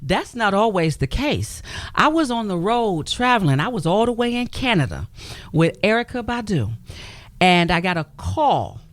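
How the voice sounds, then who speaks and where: A woman's voice: mid-range voice, big pitch swings, normal speed, dry recording. Emphatic woman sharing her testimony, dry sound. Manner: emphatic, storytelling with voiced quotes. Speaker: guest. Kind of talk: personal testimony in a radio interview. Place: radio studio.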